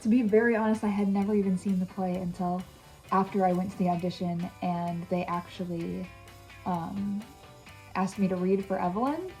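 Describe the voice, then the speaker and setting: A woman's voice: mid-range voice, steady tone, moderate pace, mellow, faint music behind, rough recording. A young woman chatting casually in a vlog, candid and full of fillers like "um" and "like". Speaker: vlogger.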